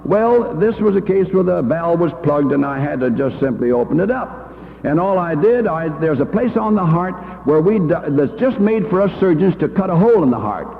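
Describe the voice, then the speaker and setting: An older man spins homespun anecdotes in a gravelly, fairly high voice. The old reel-to-reel tape sounds thin and phone-like, with a long hall echo behind him. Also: big pitch swings, normal speed. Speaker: church education leader. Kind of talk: folksy storytelling talk.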